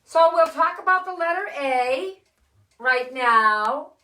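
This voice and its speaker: An older woman with six grandchildren, teaching letter sounds to children in a slow, cheerful, encouraging way from her living room. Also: sits high, expressive, sharp tone. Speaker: children's story host. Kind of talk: phonics lesson and read-aloud for children.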